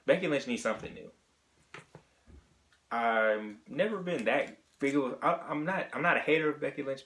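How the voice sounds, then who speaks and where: A man's voice: mid-range voice, fairly bright tone. A man talking through his opinions in a casual solo monologue, thinking aloud and often rephrasing mid-sentence. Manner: chatty and opinionated. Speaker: wrestling vlogger.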